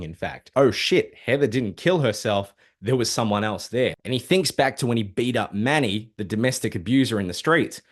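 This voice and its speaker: A man casually recapping a dark comic book story, swearing freely and throwing in sarcastic asides. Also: lowish voice. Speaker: comic book video host.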